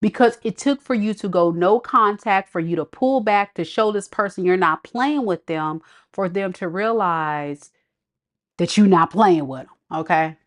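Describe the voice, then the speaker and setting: A woman's voice: medium pitch, a little slow. A woman giving a casual tarot reading, chatty, blunt and sassy with her viewers. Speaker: tarot reader.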